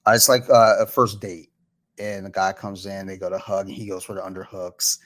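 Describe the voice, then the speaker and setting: Easygoing podcast host, lowish voice. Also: male voice, little pitch movement, fairly quick, fairly bright tone, slight background noise. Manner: easygoing, laughs often, swears casually. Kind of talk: casual podcast chat.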